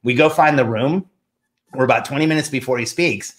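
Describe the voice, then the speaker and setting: A middle-aged man in a mid-range voice talks fairly quickly as he casually shares a personal story. He animatedly quotes himself and others, and his own quoted lines come out in a rising voice.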